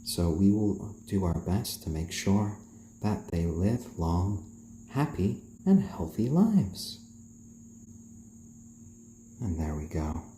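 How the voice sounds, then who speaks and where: Soft-spoken, deep, slow man. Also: slight background noise. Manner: soft, slow, soothing voice used to calm the chickens. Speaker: live stream host. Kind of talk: casual live-stream chat, reading out viewer comments. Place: indoors, roomy. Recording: roomy echo.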